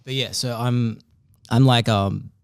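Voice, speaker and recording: A man's voice: mid-range voice, fairly even intonation, slow, vocal fry, clean tone, no room sound, clean studio sound. A young Australian man chatting casually on a podcast, rambling and swearing freely as he acts out quoted conversations. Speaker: podcast host.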